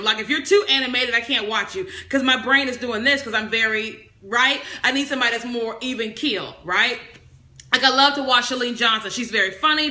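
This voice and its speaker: A woman hosting a live stream, teaching and motivating in a bold, loud, animated and talkative way. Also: fairly high pitch, roomy sound. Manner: preachy motivational, talks on and on. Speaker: business coach livestream host.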